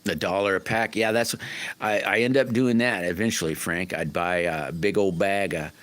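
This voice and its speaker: A man's voice: low voice, normal speed, a bit bright. A middle-aged man hosting a livestream, chatting casually with viewers in a folksy, rambling way full of restarts. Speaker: livestream host.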